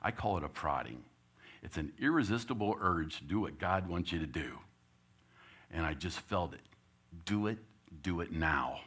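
Deep voiced guy telling a church story, kinda bright tone, gets shouty acting out the coach bits. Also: moderate pace, breathy edge. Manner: animated storyteller, gets loud acting out his own coaching. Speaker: church speaker. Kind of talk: storytelling talk.

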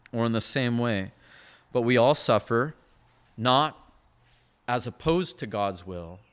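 A man preaching a sermon as pastor, earnest and conversational, swinging from hushed to emphatic. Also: fairly low pitch, clean tone. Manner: conversational asides with short laughs.

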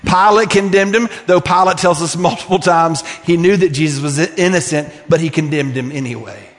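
A male pastor preaching with a high voice, earnest and pleading as he presses one rhetorical question after another. His voice rings with a long reverb in a large church sanctuary. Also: brisk. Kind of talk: sermon.

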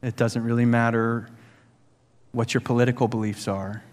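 A man preaching a sermon as pastor, earnest and full of rhetorical questions, growing animated as he tells stories. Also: mid-range voice, normal speed. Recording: long hall reverb.

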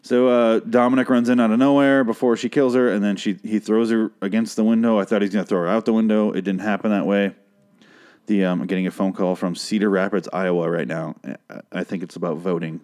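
Low-voiced guy rambling and swearing through a show recap, sarcastic, handheld mic. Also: little pitch movement, fairly quick, a little mellow. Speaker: podcast host recapping a TV episode. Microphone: handheld microphone.

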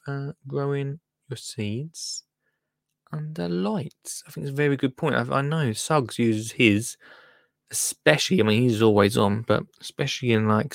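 A man's voice: mid-range voice, creaky, no echo, studio quality. A man hosting a gardening podcast, chatting casually with a caller and often restarting his sentences. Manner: chatty, friendly, with frequent restarts. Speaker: podcast host. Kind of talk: casual chat.

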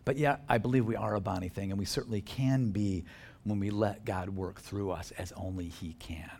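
A man's voice: lowish voice, brisk, creaky. A male pastor giving a conversational sermon in a church, joking with the congregation and asking them questions. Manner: conversational and animated, jokes with the congregation.

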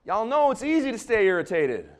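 Animated pastor, lively sermon voice. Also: male voice, sits high, fairly quick. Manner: animated, joking asides to the congregation. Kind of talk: conversational sermon. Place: church before a large congregation.

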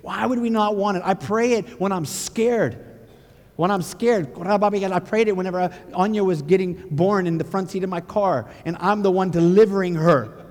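A man preaching a sermon with passion, firing rhetorical questions and building to near-shouting. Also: sits high, normal speed, long reverb tail.

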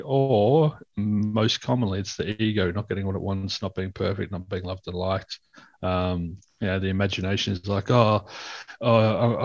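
A reflective man talks through his experiences as a workshop facilitator, slipping into the voices of the people in his stories. His voice sits low. The sound is dry and a little muffled. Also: no room sound. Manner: reflective, acts out quoted speech in stories. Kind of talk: conversational storytelling. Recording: dull lo-fi sound.

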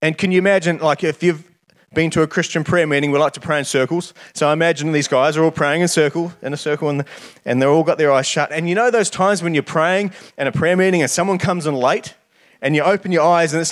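Male preacher, sermon, earnest, fairly high pitch, repeats words as he starts. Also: fast.

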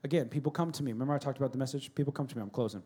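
A pastor giving a sermon in a church, swinging between loud shouted storytelling and quiet, earnest asides. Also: male voice, mid-range voice, rapid-fire, breathy edge, soft background music.

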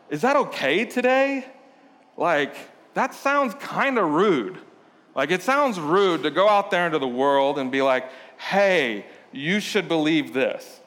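A man's voice: a little high, fairly bright tone. Casual preaching man in reverberant hall. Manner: casual, conversational preaching with playful storytelling. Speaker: pastor. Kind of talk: sermon.

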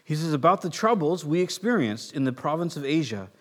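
A man's voice: fairly high pitch, sing-song, a little fast, a bit bright. A man preaching a conversational sermon as a pastor, acting out quoted voices as he goes.

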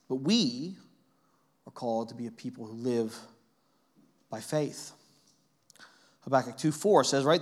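A man preaching a sermon in a conversational way, often adding "right?" and telling animated, self-deprecating stories. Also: medium pitch. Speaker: pastor.

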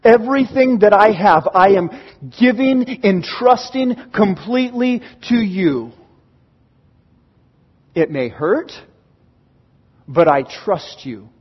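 High-voiced pastor preaching in a reverberant hall. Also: male voice, slow pace, pauses often, husky. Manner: storytelling, animated with acted-out exclamations. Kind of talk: sermon. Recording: dull, lo-fi recording with long hall reverb.

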